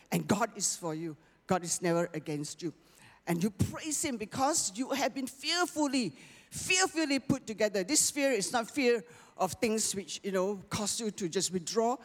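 A preacher giving a sermon, often checking in with the congregation with "okay?" and "right?", and slowing down on scripture lines. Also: medium pitch. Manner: slows down and lifts the voice on scripture lines. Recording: long reverb of a large hall.

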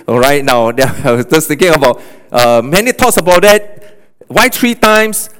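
Animated pastor. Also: male voice, on the high side, measured pace, clear, resonant tone. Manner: animated, frequent "okay" and "all right?" checks, swings loud and soft. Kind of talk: sermon. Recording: long hall reverb.

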